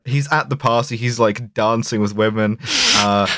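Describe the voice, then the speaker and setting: A man's voice: lowish voice, fairly even intonation, normal speed, very noisy. A man co-hosting a casual film podcast, joking and swearing as he retells scenes. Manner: sweary, jokey, quotes characters in funny voices. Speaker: podcast co-host. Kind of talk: casual film review chat.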